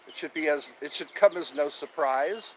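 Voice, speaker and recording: A man's voice: a little high, normal speed, slight background noise. A man hosting a casual live stream outdoors, cheerful and chatty, repeating himself as he greets viewers. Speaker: livestream host. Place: outdoors in nature with birdsong. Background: birds chirping.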